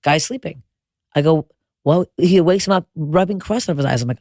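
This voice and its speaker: A woman's voice: low voice, moderate pace, darkish tone, no room sound, studio quality. A woman comedian telling a crude, self-mocking story in casual podcast chat. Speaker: comedian guest.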